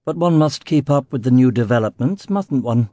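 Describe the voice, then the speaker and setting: A courteous, guarded English gentleman in his sixties, as a male narrator puts him on, speaking in a clipped Home Counties accent. His manners are formal and his tone is mellow and warm. The recording is close and dry, with no room sound. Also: medium pitch, lively intonation, normal speed, dry recording, natural voice. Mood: urbane. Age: 60s. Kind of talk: audiobook character voice.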